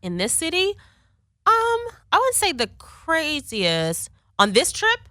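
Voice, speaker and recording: A woman guest talks through a relaxed interview, telling stories in a bright, forward tone. Her pitch swings up and down freely, and she breaks into laughter often. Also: takes it slowly, no room sound, studio quality. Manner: laughs often, animated storyteller. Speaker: actress guest. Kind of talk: casual interview chat. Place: office.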